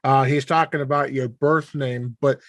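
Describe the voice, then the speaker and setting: A man's voice: medium pitch, fairly even intonation, moderate pace, no echo, clean studio sound. A man hosting a casual podcast interview who asks leading questions and laughs easily. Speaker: podcast host.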